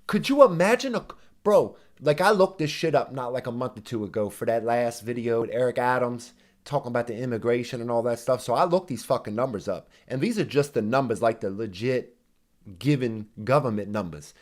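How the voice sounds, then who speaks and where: A man's voice: mid-range voice, lively intonation, brisk. A man hosting a reaction video, ranting heatedly and sarcastically with constant swearing and mocking asides. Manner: mimics others in exaggerated voices. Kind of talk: profane ranting commentary.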